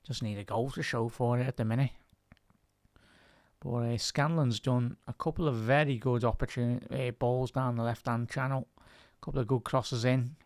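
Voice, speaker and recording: A man's voice: medium pitch, no room sound, studio quality. Chatty Scouse man commentating live. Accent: Liverpool (Scouse). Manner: chatty, addresses his viewers as "chat", laughs often. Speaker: football commentator and YouTube host. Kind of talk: live fan watchalong commentary.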